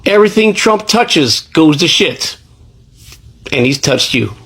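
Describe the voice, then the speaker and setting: A woman's voice: deep voice, expressive, measured pace, a bit bright, slightly rough. A woman in a blunt, profane reaction rant, mocking and jeering. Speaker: commentator reacting to a clip. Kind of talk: ranting reaction commentary.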